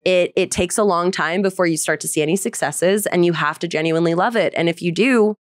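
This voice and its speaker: A woman's voice: fairly low pitch, no echo. Young woman, bubbly interview guest, laughs between thoughts, dry close sound. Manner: bubbly, laughs often, quick asides. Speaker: voice actress guest. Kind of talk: casual interview chat.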